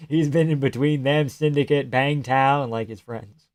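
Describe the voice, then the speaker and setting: A man's voice: mid-range voice, steady tone, moderate pace, dry recording, studio quality. A man casually commenting live on a fight night, swearing and laughing a lot. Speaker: live streamer. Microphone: headphones on, close mic.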